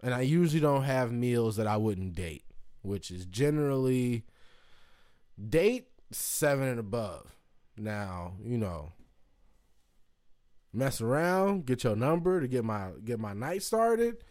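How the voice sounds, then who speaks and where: A man from Indiana chatting casually to camera, rambling and swearing, with excited whoops and jumps into a high voice. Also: slow pace. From Indiana, United States. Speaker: vlogger. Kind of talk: casual chat.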